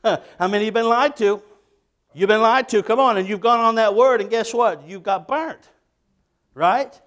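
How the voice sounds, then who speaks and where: High voiced pastor preaching, keeps asking the crowd stuff, drags out the big words. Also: male voice, normal speed, a bit bright. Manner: preaching with call-and-response questions to the congregation. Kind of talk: sermon.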